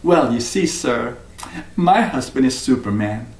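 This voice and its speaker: A man voicing a calm, unbothered mother in a folk tale, speaking low and matter-of-fact. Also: unhurried, close to an everyday voice. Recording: roomy, mic at a distance.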